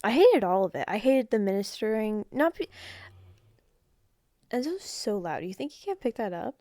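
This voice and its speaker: A woman's voice: medium pitch, sing-song, moderate pace, warm tone, dry recording, studio quality. A teenage girl chatting casually with her father, blunt and teasing, often drifting off topic. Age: teens. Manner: blunt, teasing, easily distracted. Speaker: guest, host's daughter. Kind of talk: casual chat.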